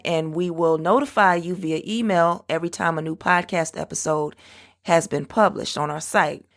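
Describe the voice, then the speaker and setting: Woman hosting a business podcast, lowish voice. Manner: steady, explanatory, spells out web addresses slowly. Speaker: podcast host. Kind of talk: solo business podcast talk.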